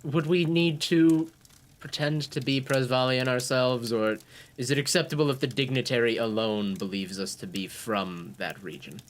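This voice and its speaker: A man playing a tabletop game, asking questions and joking in a wry, deadpan way. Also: medium pitch, normal speed. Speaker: player. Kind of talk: casual chat at a game table.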